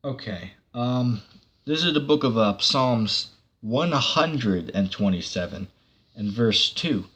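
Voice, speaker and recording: A man's voice: medium pitch, lively intonation, takes it slowly, a bit bright, slightly rough. A man giving a casual online sermon, rambling with many fillers and breaking into sarcastic bursts. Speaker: preacher.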